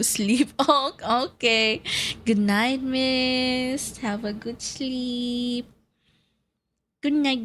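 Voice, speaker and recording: A woman's voice: a little high, a bit bright. A woman chatting on a live stream, greeting viewers by name and giggling often; she says she feels nauseous and dizzy. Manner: giggly, greets chat by name, bursts of laughter.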